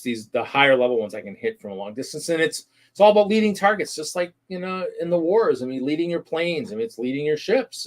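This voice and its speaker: A middle-aged man hosts a casual livestream talk show. He talks in a loose, meandering way, circling back and restarting his sentences as he goes. His voice sits at an ordinary pitch for a man. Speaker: host of a weekly hobby talk show.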